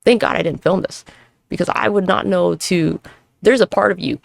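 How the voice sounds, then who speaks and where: Gravelly rambling woman podcaster. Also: fairly low pitch, moderate pace, no echo. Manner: rambling, profane, self-reflective, jumps between topics; moving around while talking. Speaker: podcast host. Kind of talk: solo podcast monologue. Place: at home with neighbors nearby.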